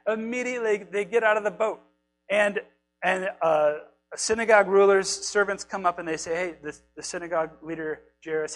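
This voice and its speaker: A man preaching a casual, animated sermon, retelling scripture stories and acting out the quotes in a conversational way. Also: high-pitched, low-quality recording. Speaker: pastor.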